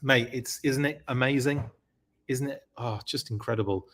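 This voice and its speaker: Male host, excitable live-stream presenter, chatty with lots of fillers. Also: medium pitch, normal speed. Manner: excited, gushing; chatty, many fillers and restarts. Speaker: podcast host. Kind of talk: live-stream show-and-tell, reading viewer comments.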